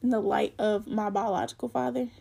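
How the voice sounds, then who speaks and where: Gravelly young woman telling a personal story. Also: mid-range voice, steady tone, a little fast, mellow. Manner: candid and rambling, with frequent fillers.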